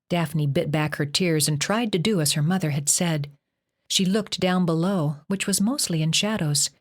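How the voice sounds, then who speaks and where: A woman reading a horror novel aloud as an audiobook narrator, measured and expressive. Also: sits low. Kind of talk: scripted narration.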